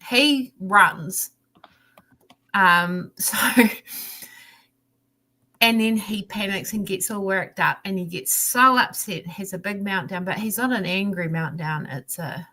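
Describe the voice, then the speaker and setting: A woman's voice: lowish voice, slow pace, bright, forceful tone. A woman on a livestream video call, chatting candidly and rambling, with frequent restarts and small laughs. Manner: rambling, restarts often, laughs, acts out her son's pleading. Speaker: livestream guest. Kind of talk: candid personal chat.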